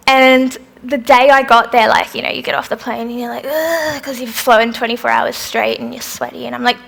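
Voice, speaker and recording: A woman's voice: a little high, creaky, a bit bright. A young woman from Australia whose accent has a British tinge, chatting bubbly and candid as she answers questions at a live talk. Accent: Australian with some British influence. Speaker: festival speaker.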